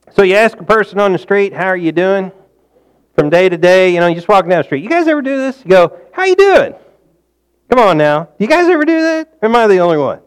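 A man preaching in a relaxed, folksy way, quizzing his listeners as he goes. His voice sits a little high and sounds smooth and clear. He climbs loud and high to hit a point, then drops low and soft. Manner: folksy, engages the audience with questions; rises loud and high for emphasis, drops low and quiet for asides. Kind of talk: conversational sermon.

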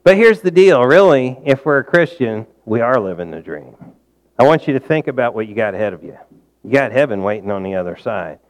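A man preaching a conversational sermon, folksy, asking the congregation questions and swinging from loud, high emphasis to quiet, low asides. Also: very animated, brisk. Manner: folksy, engages the audience with questions.

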